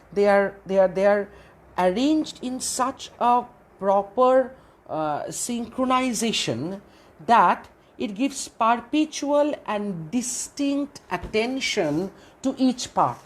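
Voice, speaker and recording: A woman with a slightly high, expressive voice gives a slow-paced literature lecture in a classroom, posing questions and answering them herself and often repeating phrases.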